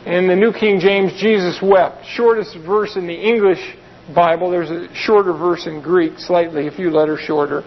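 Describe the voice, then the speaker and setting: A man's voice: high-pitched, fairly even intonation, moderate pace, dull audio, slight background noise. A man preaching a sermon, reading Bible verses and explaining them in a conversational way with plain asides. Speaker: pastor.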